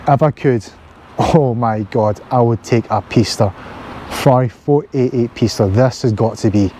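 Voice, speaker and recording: A man's voice: mid-range voice, warm tone, slight background noise. A man with a Scottish accent in a casual car vlog to camera, talking in chatty, jokey rants while driving and visiting a dealership. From Scotland. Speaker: car vlogger.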